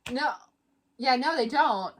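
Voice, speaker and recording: A woman's voice: sits high, expressive, slow. A young woman co-hosting a casual chat, chiming in with dry, wry remarks. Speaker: co-host.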